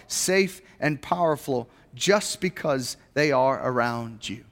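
A man's voice: high-pitched, a bit bright, big-room sound. A man preaching a sermon as a pastor, earnest and posing rhetorical questions to his congregation in a church.

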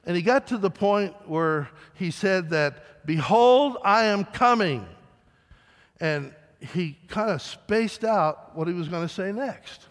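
A man preaching a sermon as pastor, emphatic, with dramatic rises and soft drops. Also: high-pitched, unhurried, few pauses. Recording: long reverb of a large hall.

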